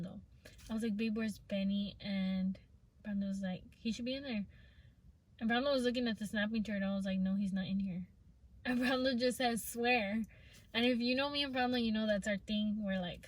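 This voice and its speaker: Chatty woman with a bright, high voice. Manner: chatty, rambling, many filler words. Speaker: vlogger. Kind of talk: casual storytime.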